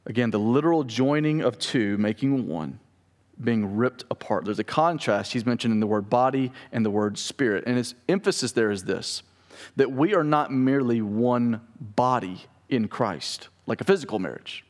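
Male pastor, mid pitch, chatty preaching style, long hall reverb. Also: normal speed, darkish tone. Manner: conversational preaching with asides to the congregation. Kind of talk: sermon.

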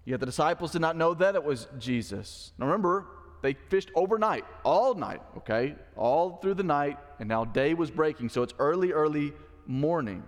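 Pastor guy preaching casual, kinda high voice, does little voices for the story, big echoey church. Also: expressive, moderate pace. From Mississippi. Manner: conversational, acts out the quoted lines. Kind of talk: sermon. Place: church sanctuary. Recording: long church hall reverb.

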